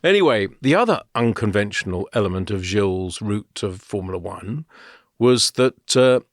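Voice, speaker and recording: On a casual motor racing podcast, a male co-host tells meandering stories at normal speed, chatty and full of fillers and laughter. His lowish voice is expressive, recorded dry with clean studio sound.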